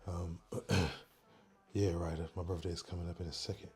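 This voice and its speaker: A man hosting a casual livestream, talking softly and quietly into a microphone worn on his neck. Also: sits low, level tone, brisk. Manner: soft, quiet, chill talk, reading chat aloud. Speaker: livestream host.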